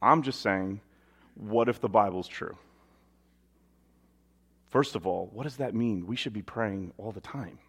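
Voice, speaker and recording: A man's voice: lowish voice, unhurried, pauses often, slightly rough. A man preaching a sermon, reading scripture aloud and asking rhetorical questions in a conversational way.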